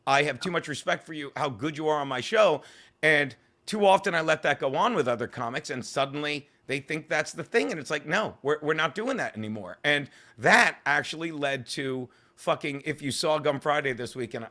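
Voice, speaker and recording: A male comedian telling rambling, profane stories in an interview. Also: fairly high pitch. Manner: fast, swearing, animated storytelling. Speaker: comedian guest.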